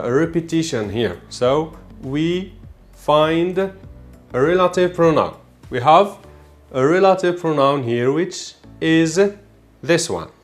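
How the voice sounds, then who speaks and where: A man with an Algerian accent, an English teacher slowly walking through an exam, repeating key words as he explains. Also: fairly high pitch. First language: Arabic. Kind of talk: exam walkthrough lesson.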